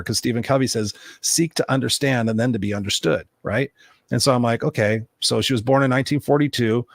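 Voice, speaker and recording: A man speaking as a guest coach in relaxed interview chat. He talks quickly and bluntly, pushing tough love and ownership. The sound is dry and close. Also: medium pitch, creaky, no echo.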